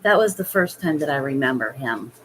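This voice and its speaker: Woman vlogger, low voice, slow halting storytelling, faint noise behind. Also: animated, a bit bright, poor audio. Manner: slow, hesitant, halting with fillers. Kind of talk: personal storytelling.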